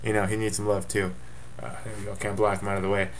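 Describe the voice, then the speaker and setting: A man's voice: on the low side, little pitch movement, fast, slight background noise. A man giving a casual webcam update as commissioner of his fantasy football league, offhand and rambling with jokey asides.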